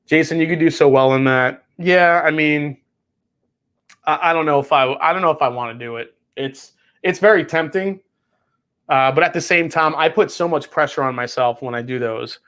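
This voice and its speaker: Male livestream whiskey host, a bit high voice, rambling and profane. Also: normal speed, fairly bright tone. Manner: rambling, swears freely, reads chat aloud. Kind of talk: casual livestream chat.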